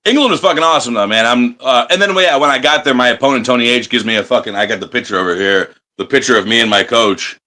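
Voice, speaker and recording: A man from the United States, a professional wrestler, telling profane, animated stories in a casual interview and acting out crowd chants. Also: medium pitch, quick pace, hardly any pauses.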